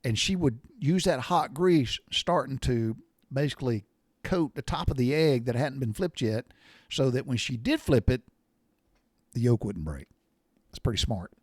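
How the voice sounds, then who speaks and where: A man's voice: medium pitch, expressive, moderate pace, breathy edge, no echo, studio quality. An older man, telling rambling, folksy home stories with mild cussing. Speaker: storyteller sharing memories. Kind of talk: casual storytelling monologue.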